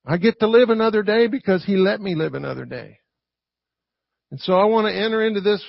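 A man's voice: high-pitched, brisk, gravelly, no echo. A man preaching a conversational sermon to a congregation, often checking in with "right?". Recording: dull lo-fi recording.

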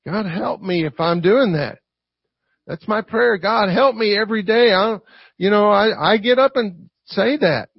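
High, gravelly-voiced male preacher. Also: measured pace, no echo. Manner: conversational, keeps asking "right?" to the congregation. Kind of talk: sermon. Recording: dull lo-fi recording.

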